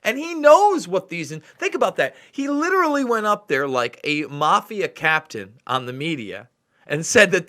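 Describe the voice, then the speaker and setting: A man hosting a political commentary show, talking in an excitable, sarcastic way and breaking in on clips. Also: high voice, moderate pace.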